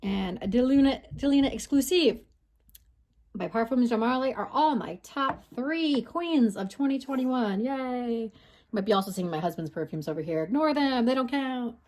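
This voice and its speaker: A woman's voice: fairly high pitch, animated, moderate pace, darkish tone, a little hiss or hum. Woman perfume vlogger, casual, slightly breathless, self-correcting, handheld phone gimbal at home. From United States. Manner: chatty, self-correcting, stumbles over names. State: a bit out of breath. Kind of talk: casual vlog ranking.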